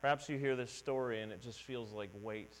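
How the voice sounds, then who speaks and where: A middle-aged male pastor speaks a little fast in a steady, mid-range voice, preaching a conversational and earnest sermon in a church sanctuary while acting out quoted voices. Long hall reverb and mains hum color the recording.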